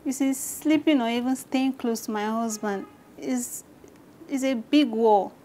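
An actress playing a shy young wife who speaks hesitantly and reluctantly, stammering at times. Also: female voice, fairly high pitch, measured pace, warm tone, slight background noise, lightly acted. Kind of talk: scripted drama acting.

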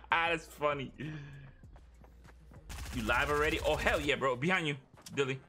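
A man's voice: a little high, measured pace, sharp tone, a little hiss or hum. A young man streaming a game live, chatting casually and profanely with his viewers and a teammate. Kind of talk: live gaming stream chat.

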